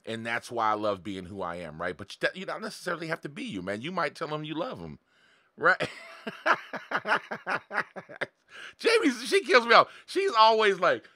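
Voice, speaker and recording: A man's voice: fairly high pitch, huge pitch swings, a little fast, pushed and bright, no room sound, clean studio sound. A man in his forties talking bluntly and profanely on a live stream, coaching his viewers and laughing often. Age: 40s. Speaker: online marketing coach. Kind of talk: live-streamed motivational talk.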